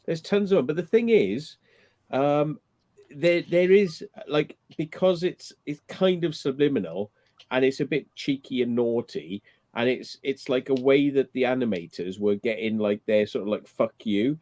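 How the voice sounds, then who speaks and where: A man's voice: mid-range voice, moderate pace, a little mellow, dry recording. A man hosting a casual late-night livestream chat, telling rambling, profane stories with frequent laughs. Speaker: livestream host.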